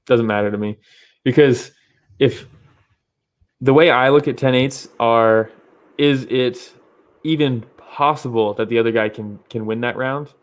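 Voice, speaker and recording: A man's voice: medium pitch, a little slow, long pauses. Male podcast co-host, casual fight talk, swears and laughs freely. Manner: loose, profane, laughs often.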